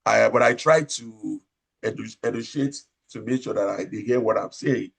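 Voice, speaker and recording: A man with a Nigerian accent, an operating room nurse manager giving advice in an interview, talking loudly and emphatically, repeating his points and asking rhetorical questions. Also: lowish voice, moderate pace, creaky, breathy edge.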